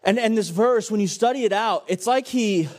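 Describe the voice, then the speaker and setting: Preacher, male, high voice, dramatic storyteller from the pulpit. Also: normal speed, a little mellow. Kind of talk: sermon.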